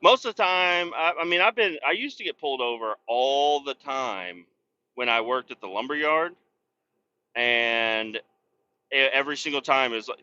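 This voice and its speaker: Profane rambling man, bright tense voice. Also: mid-range voice, animated, normal speed. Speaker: podcast host. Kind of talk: casual rant while driving. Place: inside a moving truck on the highway. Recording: dull lo-fi sound.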